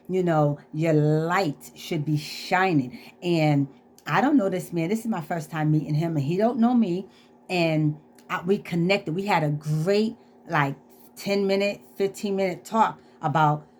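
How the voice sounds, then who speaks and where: A woman's voice: fairly low pitch, darkish tone, a little hiss or hum. A woman vlogger telling a personal story and preaching positive thinking in an earnest, heartfelt way. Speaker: inspirational vlogger. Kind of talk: casual inspirational monologue.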